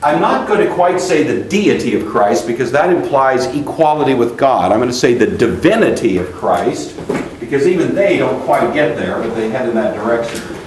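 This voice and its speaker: A male teacher lectures a class at a steady middle pitch, stopping to quiz students and then explaining in long stretches. The room is echoey and a faint hiss runs underneath. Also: normal speed.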